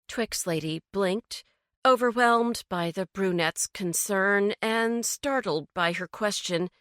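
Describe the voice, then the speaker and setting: Slow, bright-voiced woman narrating. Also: mid-range voice, no echo, clean studio sound. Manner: slow, measured storytelling. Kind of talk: audiobook narration.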